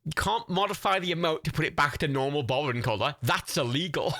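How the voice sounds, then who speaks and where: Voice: mid-range voice, lively intonation, brisk, bright, forceful tone, dry recording, clean studio sound. A young adult streamer hosting a watch party, chatting casually, reading out chat and gifts, swearing freely and laughing often.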